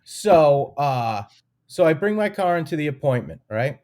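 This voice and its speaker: A man's voice: fairly high pitch, sing-song, a little slow, darkish tone. A man co-hosting a casual podcast, telling a frustrated story with lots of swearing and acting out both sides of his phone calls. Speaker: podcast co-host. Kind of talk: casual chat.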